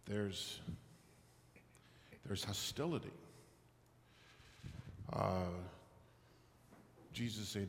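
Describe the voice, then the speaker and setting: A man's voice: lowish voice, lively intonation, very slow, long pauses, slight background noise. A man preaching a sermon, reflective and questioning, with a touch of humor. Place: large echoey church. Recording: roomy hall reverb, somewhat distant.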